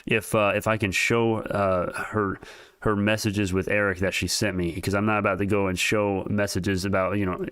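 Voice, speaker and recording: A man hosting a live stock market stream, talking casually and excitedly, rambling and speaking straight to his chat. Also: fairly low pitch, normal speed, clear, resonant tone, dry recording. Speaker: stock market livestream host.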